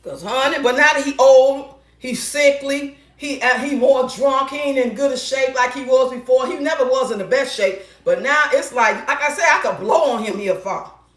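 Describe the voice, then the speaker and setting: A middle-aged woman in casual storytelling chat, loud, blunt and profane, talking in her home kitchen. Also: high voice, normal speed, reverberant. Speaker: relationship advice vlogger.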